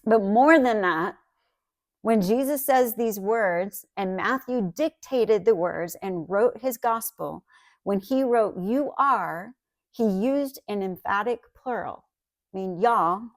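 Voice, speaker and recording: A woman's voice: medium pitch, slow pace, no room sound, clean studio sound. A woman giving a sermon as a Bible teacher, earnest and emphatic, with conversational asides.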